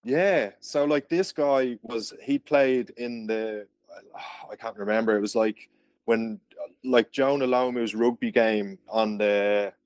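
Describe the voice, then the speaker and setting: A man's voice: medium pitch, takes it slowly, darkish tone, clean tone, no room sound. An Irish man from Ireland, a podcast guest, telling stories in casual chat and laughing often. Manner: chatty storyteller, laughs often.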